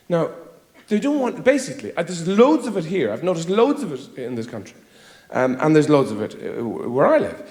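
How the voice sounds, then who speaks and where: A man from Ireland doing a stand-up comedy set, rambling, muttering into asides and then bursting into loud mocking quotes, recorded live in a roomy venue. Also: fairly high pitch.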